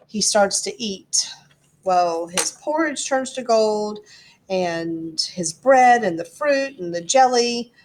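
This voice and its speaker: A woman's voice: mid-range voice, husky. A woman teacher reading a storybook aloud and explaining it to her class in a chatty way. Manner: chatty, explanatory, frequent ums.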